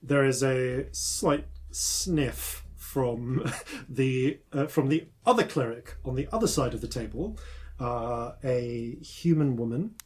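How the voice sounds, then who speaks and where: A man narrating as game master, halting and full of filler sounds as he describes the scene. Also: medium pitch, animated. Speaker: dungeon master.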